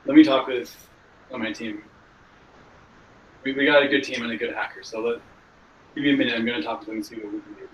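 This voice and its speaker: A man's voice: medium pitch, fairly even intonation, quick pace, pauses often, dull audio, slight background noise. Stammering man playing a tabletop game. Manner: stammering, restarts often. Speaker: player. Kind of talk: in-character role-play talk. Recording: roomy, distant mic.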